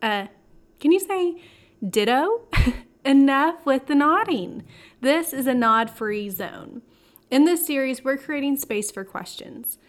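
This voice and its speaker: Woman host, a touch high-voiced, reads a scripted Bible lesson with chatty asides. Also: animated. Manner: warm, conversational, with playful asides and dramatic slow emphasis. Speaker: Bible teaching podcast host. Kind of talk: scripted devotional teaching.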